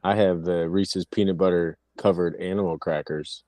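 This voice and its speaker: A man's voice: sits low, steady tone, normal speed, warm tone, no room sound. A man co-hosting a podcast, chatting casually with short, dry interjections. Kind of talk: casual chat.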